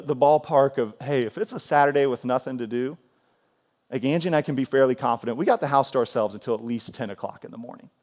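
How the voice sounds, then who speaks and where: A man in his forties preaching a sermon in a church, telling stories in a lively way and acting out scenes with sudden loud outbursts. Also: a little high. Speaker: pastor. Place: church sanctuary.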